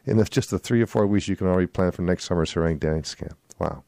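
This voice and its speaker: A man's voice: deep voice, brisk, vocal fry, mellow, dry recording. A man hosting a swing music radio show, reading event listings in a rambling way and correcting his own slips. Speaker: radio host. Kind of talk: casual radio announcements.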